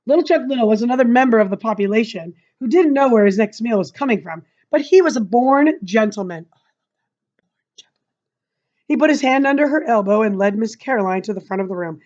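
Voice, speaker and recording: A woman's voice: fairly high pitch, lively intonation, brisk, darkish tone. A woman reading a novel aloud expressively, adding chatty asides to her listeners. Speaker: reader. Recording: dull lo-fi recording.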